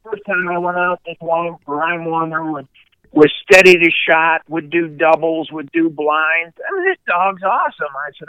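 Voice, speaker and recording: Older male guest, Michigan-raised, resonant, dry close mic, animated storyteller. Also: a little high, moderate pace, clean tone, no echo, narrow, tinny audio. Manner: animated anecdote teller, mimics yelping dogs and shouting people. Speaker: podcast guest, retired baseball pitcher. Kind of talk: casual storytelling chat.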